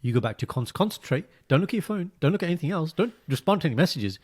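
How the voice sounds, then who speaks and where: A man, co-hosting a podcast in casual chat, telling stories with animation that often drops to a quiet, low-key delivery. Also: big pitch swings, rapid-fire. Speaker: podcast co-host.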